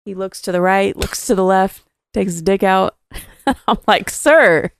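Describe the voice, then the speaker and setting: A woman's voice: mid-range voice, flat delivery, measured pace, creaky, smooth, no room sound, studio quality. A woman co-hosting a podcast, telling a story in casual chat, swearing freely and acting out the people she quotes. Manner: swears freely, laughs through stories, acts out quoted people. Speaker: podcast co-host.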